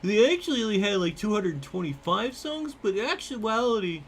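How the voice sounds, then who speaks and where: A man's voice: high voice, big pitch swings, normal speed, a little hiss or hum, pitched above the performer's own voice. A man putting on a pedantic know-it-all nerd voice who rattles off trivia and keeps saying "technically". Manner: nitpicking, rattles off trivia, says technically a lot. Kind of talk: comedic put-on voice during a gaming stream.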